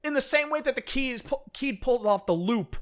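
A man co-hosting a casual podcast chat, animated, often acting out characters' lines. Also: very high-pitched. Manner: animated, fast-talking enthusiast who acts out characters' lines. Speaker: podcast co-host. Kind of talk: casual chat about books.

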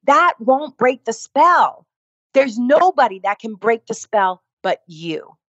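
A woman's voice: fairly high pitch, sing-song, slow, breathy edge, dry recording, dull audio. A woman, a fitness instructor, telling her story in a conversation, emphatic and repeating phrases for effect.

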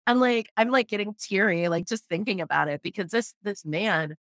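A woman chatting casually as a podcast host, animated and swearing freely, with lots of "like" fillers. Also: medium pitch, normal speed, no room sound, clean studio sound. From Los Angeles area. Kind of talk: casual chat.

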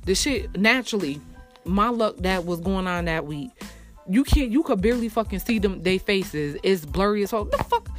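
A single mother telling an angry story in a heated, profane rant, her voice jumping high in outrage and dropping to low mutters. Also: animated, moderate pace, faint music behind. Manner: heated, profane, exasperated, swings between shouting up and muttering low.

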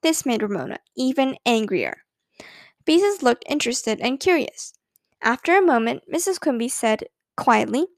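High-voiced woman reading a story aloud. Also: big pitch swings, normal speed, dry recording, clean studio sound. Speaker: narrator. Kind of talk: scripted narration.

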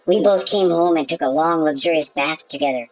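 A woman's voice: deep voice, fairly quick, over loud music, natural voice, low-quality recording. A woman playing a concerned wife in a scripted comedy sketch, earnestly explaining herself to her husband. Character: devoted, puzzled wife in a skit.

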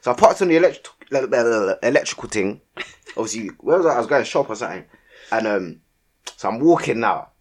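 A young man, telling a story in casual podcast chat and acting out his own shouted lines with lots of slang. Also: medium pitch, expressive, fast, slightly rough. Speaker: podcast co-host.

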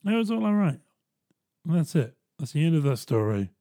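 A man hosting a podcast, telling a story in a chatty, animated way and jumping into quick voiced asides. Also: on the high side, no room sound, clean studio sound. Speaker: podcast host. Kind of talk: casual storytelling monologue.

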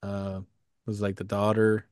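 A man co-hosting a casual movie podcast, animated and laughing as he retells scenes. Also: lowish voice, unhurried, clear, resonant tone, no echo, studio quality. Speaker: podcast co-host.

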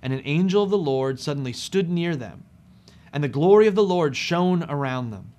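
A man preaching a sermon, speaking expressively and with emphasis, dropping soft on key phrases. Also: fairly high pitch, expressive, normal speed.

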